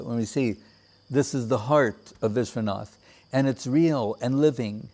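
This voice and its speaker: A man giving a measured, reflective devotional talk with many pauses. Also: mid-range voice, darkish tone. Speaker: spiritual teacher. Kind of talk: devotional discourse.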